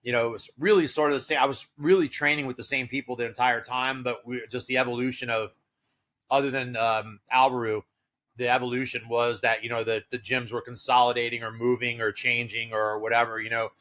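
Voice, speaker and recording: Man, middle-aged, bright voice, casual rambling storytelling, podcast guest. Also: mid-range voice, flat delivery, fairly quick. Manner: rambling, filler-heavy storytelling with quoted dialogue.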